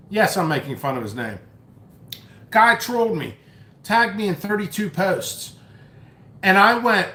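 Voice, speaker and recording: A man's voice: high voice, lively intonation, a little slow, long pauses, sharp tone. Man, stream host, casual rambling, mocking, restarts, echoey room. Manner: storytelling, mocking, swears, restarts often. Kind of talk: rambling live stream chat, reading comments. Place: at home, eating noodles.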